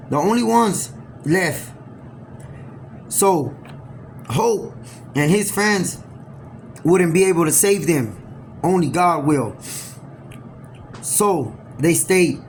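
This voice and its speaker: A man improvises a long story aloud, wandering and halting, circling back to restart his lines. His voice sits a bit high with a gravelly edge, and a faint hiss runs underneath. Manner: rambling, halting, often restarts sentences.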